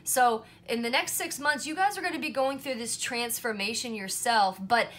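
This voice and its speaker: A woman's voice: on the high side, moderate pace, a bit bright. A woman doing a casual pick-a-card tarot reading to camera, chatty and reassuring, often checking in with "right?" and "you know". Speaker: tarot reader.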